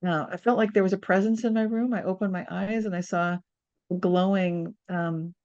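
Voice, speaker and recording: This sixties-aged woman, an author guest in an interview, tells a personal story animatedly and acts out what people said. Her pitch is fairly low, her speed normal, and the recording has its highs cut off.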